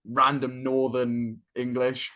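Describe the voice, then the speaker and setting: A man from a band answering in a casual interview, easygoing and a little halting. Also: medium pitch, monotone, bright, forceful tone. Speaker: band member.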